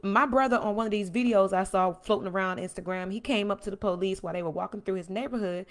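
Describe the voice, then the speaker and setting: A woman with a medium-pitched voice talks fast as she hosts a livestream from home. She is impassioned and animated, reading out viewer comments and answering them.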